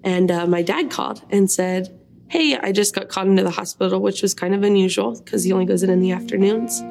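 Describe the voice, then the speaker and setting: A woman giving a personal testimony, speaking softly and reflectively with many pauses. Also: medium pitch, gravelly, rough recording. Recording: music playing underneath. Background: guitar music.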